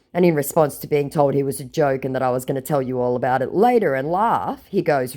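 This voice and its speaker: A woman's voice: very deep voice, animated, a little fast, warm tone. A woman narrating a chat exchange aloud with a sarcastic, mocking manner.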